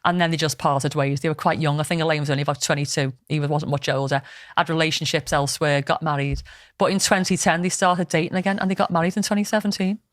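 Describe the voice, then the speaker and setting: A woman's voice: low-pitched, little pitch movement, fast talker, few pauses, dry recording, studio quality. A woman, chatting casually as a podcast host and retelling a film plot with plenty of swearing. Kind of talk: casual storytelling chat. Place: podcast studio.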